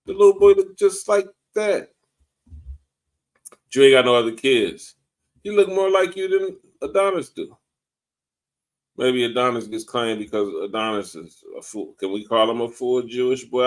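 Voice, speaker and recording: A man hosting a casual live-streamed talk show, ranting bluntly and mockingly with plenty of profanity. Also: on the high side. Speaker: host. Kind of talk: casual podcast commentary. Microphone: video call or stream mic.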